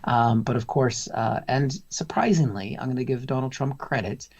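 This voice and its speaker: A man's voice: mid-range voice, moderate pace, darkish tone. A man co-hosting a casual comedy news chat, making wry, rambling asides. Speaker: co-host of comedy news show.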